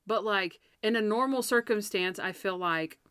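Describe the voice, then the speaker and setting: A woman co-hosting a casual review chat, animated and acting out scenes in put-on voices. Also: mid-range voice, normal speed, clear, resonant tone, no echo, studio quality. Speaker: podcast co-host reviewing episodes.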